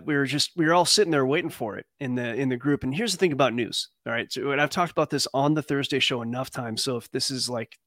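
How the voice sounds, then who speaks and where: A man's voice: medium pitch, no room sound. Laid-back rambling male host, dry sound. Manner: relaxed, rambling with fillers. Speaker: trading show host. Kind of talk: casual chat.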